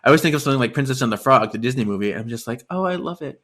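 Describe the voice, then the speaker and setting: A man co-hosting a podcast, casually recapping a novel and acting out the characters' lines with quick laughs. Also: mid-range voice. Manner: animated retelling, acts out characters' lines with laughs. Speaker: podcast co-host. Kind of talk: casual book-recap chat.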